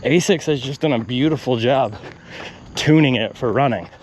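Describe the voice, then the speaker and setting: Mid-range in pitch and moderate in pace, a man rants with animation in a casual vlog shot during an outdoor run, talking through his pace math as he goes. There is a little hiss or hum in the audio.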